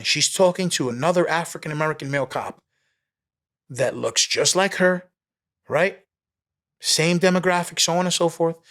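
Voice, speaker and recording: Casting: streetwise New York man, animated storyteller, casual swearing, mid-range voice. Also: medium pitch. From New York City. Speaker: police officer guest.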